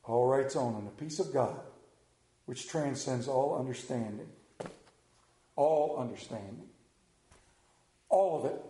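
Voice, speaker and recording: A man preaching a sermon as pastor, conversational and joking, often dropping to a hushed voice. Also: medium pitch, lively intonation, measured pace, long pauses. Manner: humorous, conversational preaching with sudden hushed drops. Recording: roomy church echo.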